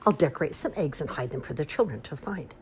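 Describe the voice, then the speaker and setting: A woman voicing an excitable, forgetful mother duck in a read-aloud storybook, in a fretful voice. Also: sits low, fast, slight background noise. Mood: excited.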